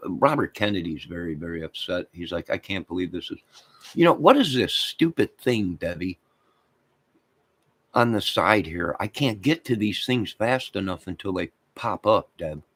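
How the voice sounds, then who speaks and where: A man's voice: low voice, moderate pace, fairly bright tone. A man hosting a livestream, rambling crudely and talking to his chat viewers. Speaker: livestream host.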